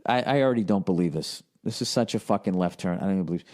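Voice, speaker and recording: A man's voice: low-pitched, very fast, few pauses, darkish tone. A man in his forties holds forth on his own comedy podcast. He riffs in a loose, casual flow and hands out blunt, sarcastic advice. Profanity runs all through his delivery. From United States. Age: 40s. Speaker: podcast host.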